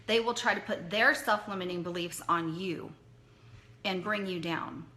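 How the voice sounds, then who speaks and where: A woman's voice: fairly low pitch, normal speed, pushed and bright. A woman leading a direct sales team, speaking earnestly and conversationally as she motivates them, repeating points for emphasis.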